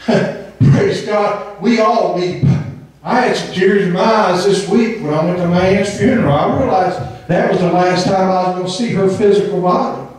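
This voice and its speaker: A man preaches with a fervent, emphatic delivery, peppering his sermon with amens and now and then singing a phrase. His voice sits high for a man. He sounds far from the mic in a very echoey church hall. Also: normal speed, darkish tone. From Southern Indiana. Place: church sanctuary.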